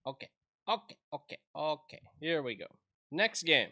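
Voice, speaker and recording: A man casually reviews an indie game as he plays, his talk chatty and full of restarts. His voice sounds bright and forward. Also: fairly high pitch, sing-song, measured pace. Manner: rambling, chatty, self-interrupting. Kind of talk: casual let's-play commentary.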